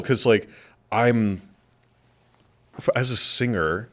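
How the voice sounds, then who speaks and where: A man guesting on a podcast speaks in a lowish voice and keeps things loose and easygoing. His talk wanders along with frequent fillers. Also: expressive, moderate pace. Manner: laid-back, loose, full of fillers. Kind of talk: casual chat.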